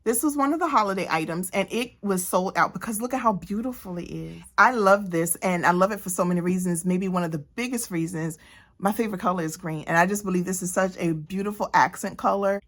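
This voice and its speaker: A woman talking casually to camera as a beauty vlogger, animated and playful, sometimes preaching, addressing viewers directly. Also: lowish voice, a little fast. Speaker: beauty vlogger and cosmetics consultant. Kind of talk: casual vlog chat.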